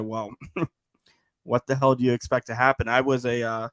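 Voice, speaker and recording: A man's voice: mid-range voice, normal speed, long pauses, dry recording. Rambling New man, dry sound. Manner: animated, rambling, frequent restarts. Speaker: podcast guest. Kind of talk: casual chat.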